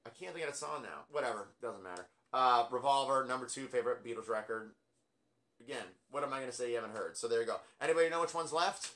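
Speaking quickly in a pushed, bright mid-range voice, this vlogger ranks records from his own collection in a loose, rambling way. He's self-deprecating and leans heavily on filler words.

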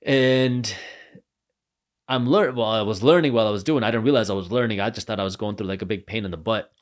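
A man on a podcast as an entrepreneur guest, telling stories with lively energy and acting out the voices of the people in them. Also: fairly low pitch, fast. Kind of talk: animated storytelling.

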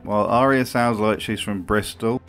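A man hosts a scripted comedy commentary with dry, sardonic asides. His voice sits fairly low, and faint music plays behind him. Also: steady tone, normal speed, fairly bright tone. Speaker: video host.

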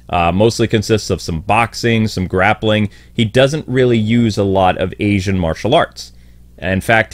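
A man's voice: on the low side, dry recording. A man giving rambling, opinionated commentary with frequent fillers. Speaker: video commentator.

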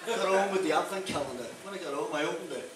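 A man's voice: a little high, quick pace, distant mic, heavy background noise. A man with a Liverpool accent doing a stand-up comedy routine, telling jokes and acting out the characters in them. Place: stage in a room with an audience. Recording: echoey room recorded from afar.

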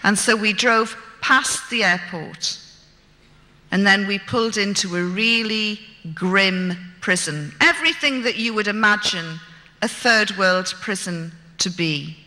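A woman's voice: mid-range voice, a little slow, bright, forceful tone. A woman, telling a dramatic true story from her own life in a vivid, wry, self-mocking way. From Britain. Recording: long hall reverb.

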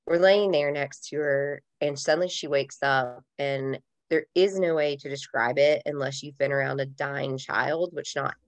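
Low-pitched woman on a podcast, candid and emotional, lots of "like". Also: steady tone, normal speed, few pauses. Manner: candid, emotional, many fillers like "like". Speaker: podcast guest. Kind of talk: personal storytelling in conversation.

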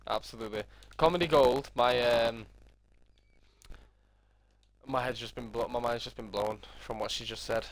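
A man's voice: medium pitch, steady tone, moderate pace, pauses often. A young man, streaming a game and teasing the person he plays with in a playful, laughing way. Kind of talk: casual gaming commentary.

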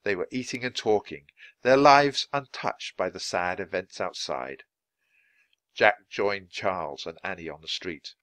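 A man reading a children's storybook aloud for English learners, narrating clearly and expressively. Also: low voice, a little slow, fairly bright tone, no echo. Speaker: storybook reader.

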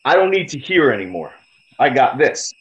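A man's voice: mid-range voice, big pitch swings, normal speed. A man, a podcast guest, telling a story in a blunt, heavily profane, casual way. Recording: slightly dull lo-fi audio.

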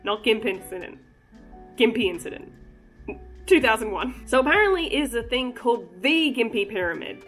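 A woman's voice: high-pitched, fairly bright tone. A woman hosting a casual cryptid vlog, chatty and joking, breaking into giggly asides. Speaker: cryptid channel host.

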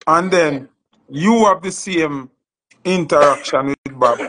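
Jamaican man, reflective conversational partner, a bit high-pitched. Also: takes it slowly, a bit bright, rough recording. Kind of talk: casual chat.

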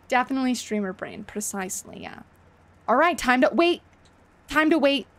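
A woman's voice: high-pitched, lively intonation, moderate pace, no echo. A woman live-streaming a game, chatting to viewers, swearing freely and laughing often.

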